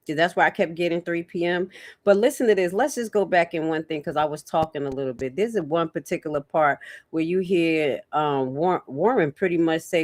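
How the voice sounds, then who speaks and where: A woman hosting a livestream, chatting casually to her viewers and reacting out loud to interview clips. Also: low voice, fairly quick, dry recording, studio quality. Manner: chatty, reacts loudly, talks to her chat. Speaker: livestream host.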